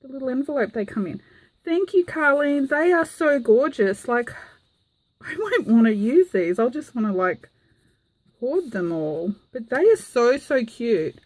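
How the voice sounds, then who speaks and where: A woman's voice: high voice, very animated, a little slow, no echo. A woman with a gushing, enthusiastic manner, full of "um" fillers, showing off mail she received in a casual craft vlog. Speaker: craft vlogger. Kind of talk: casual show-and-tell vlog.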